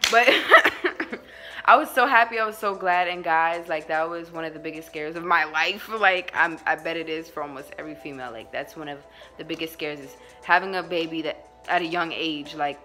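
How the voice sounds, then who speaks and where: A woman's voice: deep voice, normal speed, pushed and bright, faint music behind. A young woman vlogger telling a personal story in a casual, slangy way, laughing often as she goes.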